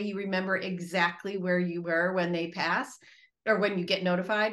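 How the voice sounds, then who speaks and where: A woman's voice: medium pitch, a bit bright. A woman co-hosting a podcast, speaking plainly and often trailing off with a sigh. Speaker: podcast co-host. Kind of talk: casual reflective chat.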